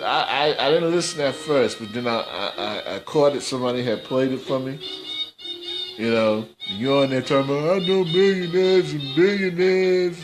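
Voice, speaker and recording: A man hosting a casual commentary podcast, scolding in slangy, repetitive talk. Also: medium pitch. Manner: scolding, slangy, repeats himself. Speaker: host.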